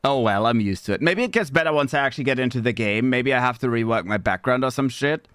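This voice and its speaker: A young man streaming live, chatting with viewers while fighting broken software, scattered and exasperated, cursing and leaping from mumbles to high squeaky outbursts. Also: animated, fast, clean tone, no echo, clean studio sound. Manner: scattered and exasperated, swearing at tech trouble. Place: home streaming setup.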